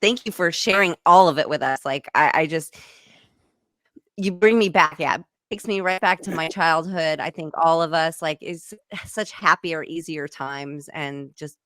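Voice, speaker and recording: Podcast host lady, low voice, gushy and effusive, dry close sound. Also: moderate pace, a bit bright, no room sound. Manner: effusive, gushing praise. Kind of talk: casual interview chat.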